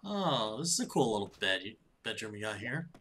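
A man's voice: lowish voice, sing-song, normal speed, fairly bright tone, a little hiss or hum. A man hosting a casual let's-play, chatty and giggly as he reacts aloud to the game. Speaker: gaming channel host.

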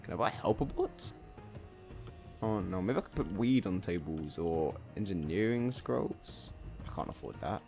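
A man doing casual let's play commentary, talking to himself and bursting into loud swearing exclamations. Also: low voice, animated, unhurried, vocal fry, soft background music. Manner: chatty self-talk, swearing, bursts of exclaiming. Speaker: gameplay commentator.

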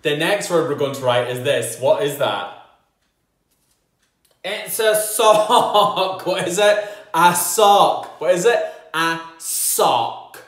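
Slow, lively phonics teacher, echoey room. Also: male voice, fairly high pitch. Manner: slow, sounding out words and praising children. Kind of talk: home-learning phonics lesson.

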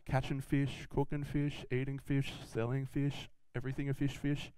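A man's voice: mid-range voice, monotone, normal speed, warm tone, clear, resonant tone, no echo. A young adult man giving a children's Bible message in a casual, chatty storytelling way. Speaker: children's minister.

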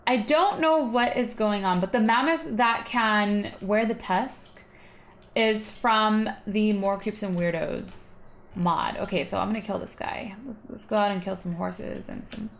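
A woman's voice: medium pitch, a little slow, a little hiss or hum. A woman hosting a gaming video, chatting casually and rambling with giggles as she plays. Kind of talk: casual gameplay commentary.

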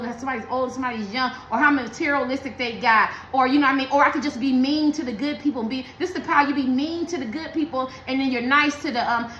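A woman's voice: high voice, fairly bright tone, reverberant, slight background noise, rough recording. A woman giving a blunt, emphatic tarot reading, talking in slang and preaching to her viewers. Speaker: tarot card reader.

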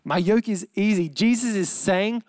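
The pastor is a young adult man with a high-pitched voice and an Australian accent. His sermon is earnest and emphatic, and he slows down and softens on the words that matter most.

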